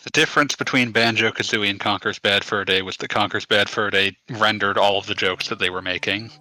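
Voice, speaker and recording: Man, gaming commentary, dry jokes, low pitch, very bright tone. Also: steady tone, fairly quick, dry recording, rough recording.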